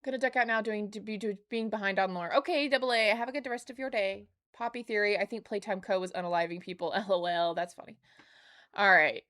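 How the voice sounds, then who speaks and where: A woman's voice: mid-range voice, fairly even intonation, fast talker, few pauses. A woman streaming a game, chatting casually between reading in-game notes, with giggly asides. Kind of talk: casual gaming stream commentary.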